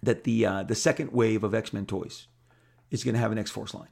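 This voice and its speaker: A man putting on an excitable middle-aged male editor who talks eagerly and repeats himself on the phone. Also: fairly low pitch, normal speed, vocal fry.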